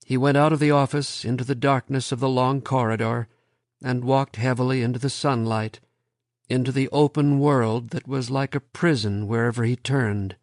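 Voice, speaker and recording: A man narrating an audiobook in a measured, steady reading. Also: mid-range voice, no echo, studio quality.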